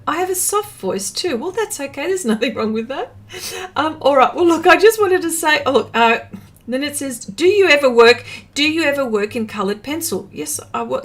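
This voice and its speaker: A woman's voice: sits high, fairly bright tone. A woman hosting an art livestream, chatting casually, reading out viewer comments, laughing often and correcting herself as she goes.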